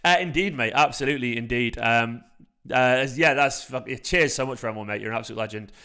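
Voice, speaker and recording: His voice is medium-pitched, brisk, clear and resonant: a young football fan channel host from South Manchester with a light Manchester accent. On his casual live stream he rambles with animation, swearing freely and using lots of fillers.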